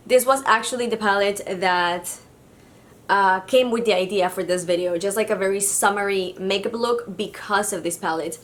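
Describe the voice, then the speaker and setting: A woman from Mexico talks through her makeup routine as a beauty vlogger. She speaks in a mid-range voice, casual and chatty, with little hesitations. She sounds friendly and unhurried. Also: medium pitch. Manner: chatty and casual, with fillers like "kind of like". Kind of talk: makeup tutorial narration.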